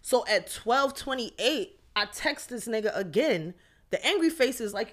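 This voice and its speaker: Woman, podcast co-host, casual chat, animated, swearing, storytelling. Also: a little high, measured pace. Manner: animated, swearing, quotes her own texts.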